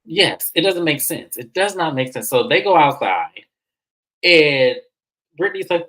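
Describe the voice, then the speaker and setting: Lady with a low voice but big swings up and down, recapping a reality show, blunt and sassy, aave. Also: unhurried, low-quality recording. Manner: animated, swears freely, acts out quotes in high voices. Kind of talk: casual recap chat.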